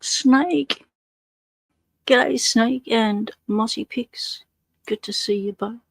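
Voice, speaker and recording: An Australian woman hosts a relaxed livestream and talks in an unhurried, drawn-out way. She greets chat viewers one by one with easygoing slang. Her voice sits close and dry on the microphone. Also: a little high, vocal fry, dry recording. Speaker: livestream host.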